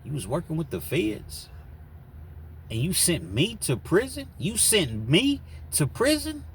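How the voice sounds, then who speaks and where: A man's voice: low-pitched, flat delivery, unhurried, a little hiss or hum. A man playing a betrayed ex-convict husband who bitterly accuses his wife. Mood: accusing. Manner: accusing, confrontational.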